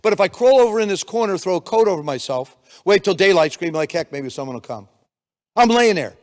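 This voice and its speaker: An older man giving a motivational keynote speech, energetic storytelling with acted-out quotes, in a conference room on a handheld mic. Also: high-pitched, a little fast. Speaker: keynote speaker. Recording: long reverb of a hall.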